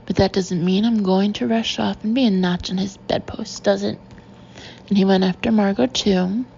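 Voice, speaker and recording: Woman reads gushing society gossip, breathy, low, gravelly. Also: steady tone, normal speed, mellow, dull audio, a little hiss or hum, natural voice. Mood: gossipy. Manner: breathy, confiding, chatty.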